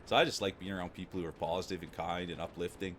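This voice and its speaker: Streamer, male, Canadian prairie accent, rambling easygoing chat, slightly low register. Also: fairly even intonation, quick pace, fairly bright tone, a little hiss or hum. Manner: rambling, laid-back, repeats himself. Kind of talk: casual chat with chat readers.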